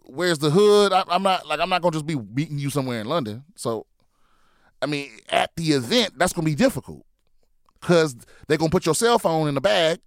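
A man hosts a comedy podcast, casually answering listener questions in a blunt, profane manner while often stumbling and restarting his sentences. His slightly high voice is animated and fairly quick, recorded in clean studio sound with no echo.

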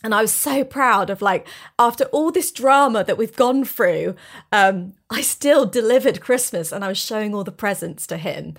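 A woman's voice: medium pitch, normal speed, creaky. Candid woman guest. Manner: animated, candid storyteller. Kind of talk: casual chat, storytelling.

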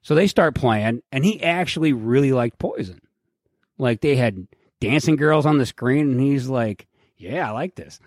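A middle-aged podcast co-host with a mid-range voice tells a profane story at a moderate pace, casual and animated, acting out what people said. The recording is dry and clean, studio quality.

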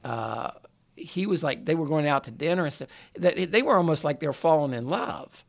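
A man's voice: a little high, moderate pace, vocal fry. A man co-hosting a casual chat, explaining a story at an easy pace. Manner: relaxed storyteller, explains at length. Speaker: podcast co-host.

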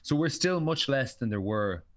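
Wry Irish podcast host. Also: male voice, medium pitch, expressive, normal speed, a bit bright. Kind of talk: casual podcast chat. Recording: slightly dull lo-fi sound.

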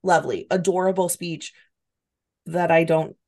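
A woman in her thirties with a low voice chats casually as a podcast co-host. Her remarks are wry and dry. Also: fairly even intonation, normal speed, a little mellow. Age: 30s. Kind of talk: casual chat.

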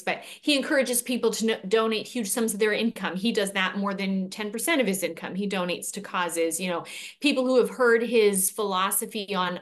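A woman's voice: medium pitch, fairly bright tone. A woman from Canada, a guest speaker and author, answering interview questions in fluent, articulate storytelling.

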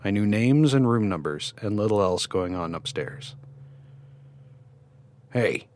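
A man reading a first-person horror story in measured scripted narration. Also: on the low side, lively intonation, darkish tone.

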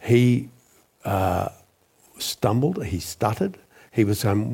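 Gravelly man telling a story. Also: lowish voice, very animated, darkish tone. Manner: measured, deliberate storyteller. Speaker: guest, former newspaper journalist. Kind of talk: storytelling interview.

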